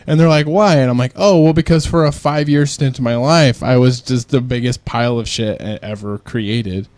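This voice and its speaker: A man's voice: mid-range voice, fairly even intonation, normal speed, darkish tone, no echo. A young man hosting a casual podcast, rambling and self-mocking, laughing often as he talks. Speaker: podcast host. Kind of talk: casual chat.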